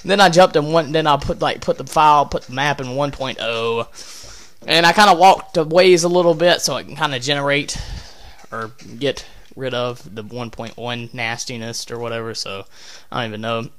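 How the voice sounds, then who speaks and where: A man narrates his gameplay in a loose, rambling way, breaking off mid-sentence and tossing in casual swears. His voice is bright and sharp, sitting at an ordinary middle pitch. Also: normal speed. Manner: rambling, self-interrupting, swears offhandedly, talks to himself. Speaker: gameplay commentator. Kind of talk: casual let's-play commentary.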